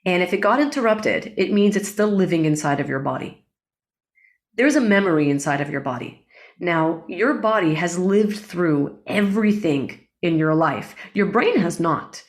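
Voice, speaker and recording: A woman guest in an interview, a breathwork facilitator explaining things in a calm, unhurried way. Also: fairly low pitch. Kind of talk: interview conversation.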